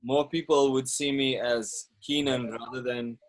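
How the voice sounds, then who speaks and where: A man's voice: mid-range voice, a little slow. South African young man, chatty host. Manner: relaxed, chatty, uses "like" a lot. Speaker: podcast host. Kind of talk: casual conversation.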